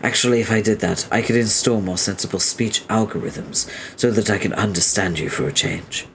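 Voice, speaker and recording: A man's voice: on the low side, moderate pace, a bit bright, a little hiss or hum. A man reading as a prim, long-winded young male troll inventor who talks in a formal, stiffly polite way.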